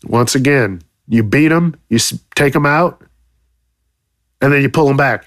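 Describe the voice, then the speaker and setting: A man's voice: medium pitch, measured pace, dry recording. Dry, foul-mouthed ranting man. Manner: loud, swearing, exaggerated outrage. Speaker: podcast host. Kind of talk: profane comedic rant.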